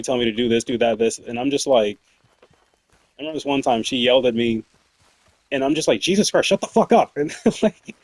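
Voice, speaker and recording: A young man chats loosely while he plays, piling up fillers and curse words and breaking into laughs. His voice sits at an ordinary pitch. The sound is dry and close, with no room around it. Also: a little mellow, no room sound. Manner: rambling, profane, laughs often, many fillers. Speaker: streamer. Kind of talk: casual storytelling while gaming.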